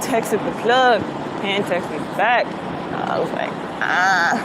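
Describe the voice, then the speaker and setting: A woman's voice: mid-range voice, takes it slowly. A young woman, talking casually and animatedly on a live stream while walking around outdoors. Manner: chatty, animated, spiritual talk, swings to loud excitement. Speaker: livestreamer. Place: outdoors in a city, walking with bags. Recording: outdoor street noise behind.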